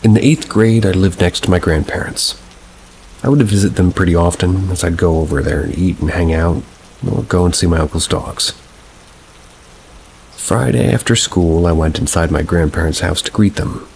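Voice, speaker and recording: A man with a very low, deep voice reads submitted paranormal stories aloud. He takes his time over each sentence, in an unhurried, measured way. Faint rain patters behind him. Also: steady tone, darkish tone, slight background noise, low-quality recording. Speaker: narrator. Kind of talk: scripted narration of submitted scary stories.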